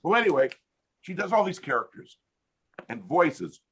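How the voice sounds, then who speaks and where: An older American man with a husky, slightly raised voice tells a story on a video call. His pitch leaps around as he laughs and builds the joke, casual and animated throughout. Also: normal speed. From United States. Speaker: interview guest, hypnotist.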